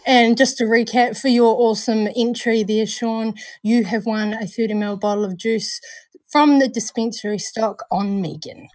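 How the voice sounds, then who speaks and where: A woman's voice: fairly high pitch, fairly even intonation, normal speed, a little mellow, no room sound. A woman co-hosting a live stream in casual chat, bubbly and laughing often. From New Zealand. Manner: bubbly, laughs often, calls people darling. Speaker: livestream co-host.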